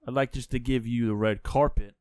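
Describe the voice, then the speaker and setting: A man hosting a podcast in a studio, chatting casually with loose, profane talk and pauses to search for words. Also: medium pitch, fairly even intonation, a little mellow, clean tone, dry recording. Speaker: podcast host. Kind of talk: casual chat.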